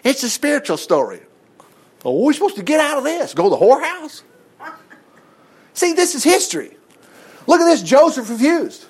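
A man's voice: very high-pitched, big pitch swings, moderate pace, pauses often. A man teaching a Bible study, reading scripture aloud and breaking in with folksy exclamations and rhetorical questions.

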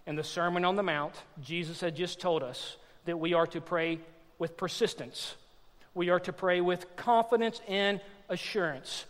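A man preaches to his congregation with strong emphasis, his voice pitched high for a man. A long reverb trails each phrase, as from a church sanctuary. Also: steady tone, moderate pace. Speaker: pastor. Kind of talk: sermon.

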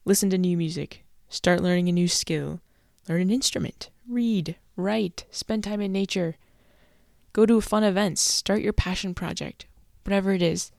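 A woman's voice: fairly low pitch, normal speed, gravelly, darkish tone, no room sound, clean studio sound. A young woman hosting a solo podcast, chatty and self-deprecating, laughing as she tells her stories. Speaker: podcast host.

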